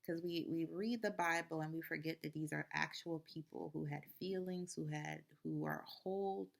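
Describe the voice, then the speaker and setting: A woman's voice: low voice, steady tone, moderate pace, vocal fry. A woman hosting a Christian video, retelling a Bible story in a chatty, casual way full of fillers. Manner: chatty, full of "you know" and "like".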